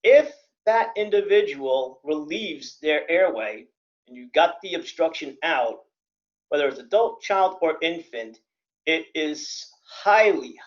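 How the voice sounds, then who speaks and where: A man lecturing as a CPR instructor, plain-spoken with dry joking asides. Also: fairly high pitch. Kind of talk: classroom lecture. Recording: dull lo-fi recording.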